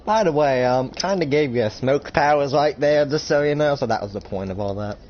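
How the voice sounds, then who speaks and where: A man's voice: medium pitch, lo-fi sound, a little hiss or hum. Young man narrating a casual roleplay. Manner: rambling, swears freely, acts out quick voices.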